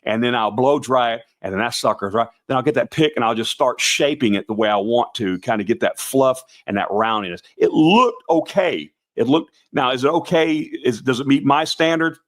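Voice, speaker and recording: Raspy-voiced man chatting casually. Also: mid-range voice, moderate pace, hardly any pauses. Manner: folksy and rambling, with many restarts, calling viewers brother and guys. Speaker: host of a Santa performer show. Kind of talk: casual live-stream chat.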